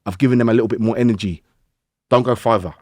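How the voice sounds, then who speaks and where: A man's voice: fairly low pitch, quick pace, dry recording, studio quality. A man, a guest on a podcast, chatting casually and acting out his own thoughts with lots of slang. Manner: animated, acts out his own inner dialogue, heavy slang. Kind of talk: casual interview chat.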